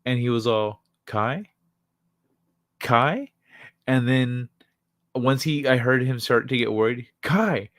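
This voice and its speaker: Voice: mid-range voice, little pitch movement, normal speed, clean tone, no room sound, studio quality. A live-stream host casually telling a childhood story to chat, laughing often and swearing freely. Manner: laughs often, loose and profane.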